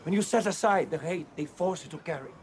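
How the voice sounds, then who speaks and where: An actor playing Jesus in a film, calling out to a crowd from a distance in a pleading, raised voice. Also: male voice, fairly high pitch, quick pace, a little hiss or hum, natural voice. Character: Jesus preaching love to a crowd. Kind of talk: film drama.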